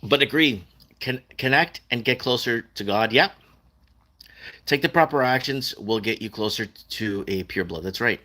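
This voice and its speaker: Guy doing a livestream, bright voice, rambly and chatty, reads out comments. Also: mid-range voice, normal speed. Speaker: livestream host reading viewer comments. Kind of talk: casual livestream chat.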